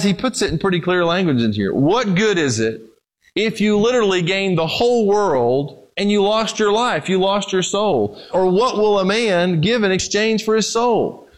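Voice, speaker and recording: A man preaching a sermon. He talks straight to his congregation and asks them questions, rising to emphatic lines and then dropping to low, quiet ones. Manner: speaks to the congregation directly, with questions. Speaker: pastor.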